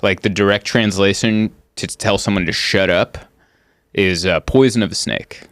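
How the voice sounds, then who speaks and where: A man's voice: fairly low pitch, normal speed, dry recording, clean studio sound. A man in his thirties hosting a casual comedy podcast, telling stories and laughing often. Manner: laughs often, animated storytelling.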